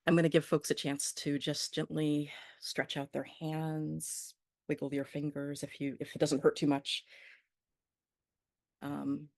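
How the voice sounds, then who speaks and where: Gravelly woman teaching a botany class. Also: deep voice, level tone, measured pace, darkish tone, dry recording, studio quality. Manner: friendly, many ums and little laughs.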